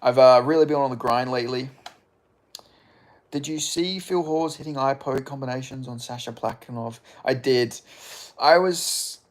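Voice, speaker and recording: A man's voice: medium pitch, steady tone, moderate pace. Casual, sweary Australian young man. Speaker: streamer. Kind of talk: casual live-stream chat.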